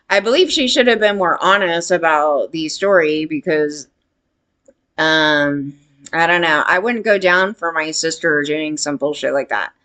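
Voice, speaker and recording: A woman's voice: low voice, slow, a bit bright. A woman giving casual opinion commentary in a blunt, rambling way, swearing freely.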